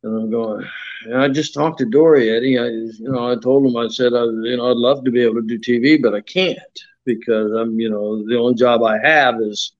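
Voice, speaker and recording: A man's voice: medium pitch, lo-fi sound. An older man, a retired wrestler telling stories in a folksy, rambling way and acting out the voices of others. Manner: folksy, acts out quoted voices, many fillers. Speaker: retired pro wrestler, interview guest. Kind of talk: shoot interview storytelling.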